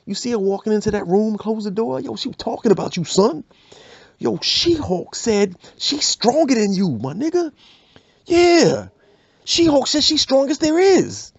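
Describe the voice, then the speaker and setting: A man voicing a young street instigator who hypes up drama with excited slang. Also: very high voice, moderate pace, vocal fry, breathy edge, no echo, highs cut off, pitched above the performer's own voice, heavily acted. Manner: excited slangy hype talk.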